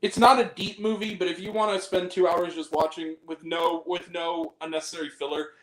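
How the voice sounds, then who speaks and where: A man chatting casually on a film review podcast, animated and profane, laughing often as he rants. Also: sits high, brisk, roomy sound, poor audio. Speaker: podcast co-host reviewing films. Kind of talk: casual chat.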